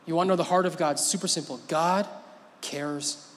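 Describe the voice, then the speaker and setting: A man's voice: high voice, steady tone, rapid-fire, a bit bright, a little hiss or hum. A man pastor preaching a sermon in a church hall, in a conversational, playful way and laughing often. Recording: long hall reverb.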